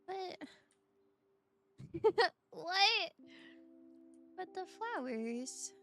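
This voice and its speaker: A woman's voice: extremely high pitch, sing-song, very slow, fairly bright tone. A woman streamer giving casual, chatty commentary on a game, laughing often and reading game text aloud. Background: game music.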